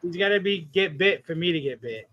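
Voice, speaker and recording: A man's voice: a little high, expressive, brisk, dry recording, dull audio. A man joining a livestream as a guest in casual chat, joking and teasing playfully. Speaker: stream guest.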